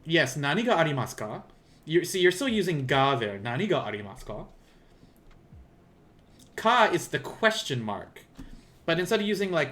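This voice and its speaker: A man's voice: fairly high pitch, sing-song, normal speed, pauses often, fairly bright tone. A man with a Southern US accent giving a casual live-streamed language lesson, rambling and self-deprecating as he thinks aloud. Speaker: language teacher. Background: keyboard typing.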